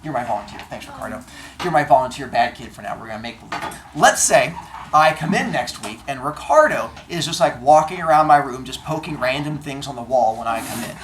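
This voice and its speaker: A male teacher talking to his class in a classroom, telling stories with deadpan comic exaggeration. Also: medium pitch, brisk, slight background noise. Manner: animated storyteller, acts out exchanges in comic voices. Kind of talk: classroom talk to students.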